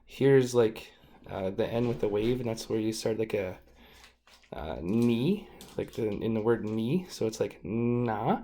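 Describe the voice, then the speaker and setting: A man teaching the sounds of an Indigenous language in a relaxed, informal lesson. He talks casually, jokes about himself and demonstrates each sound syllable by syllable. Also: on the low side, normal speed.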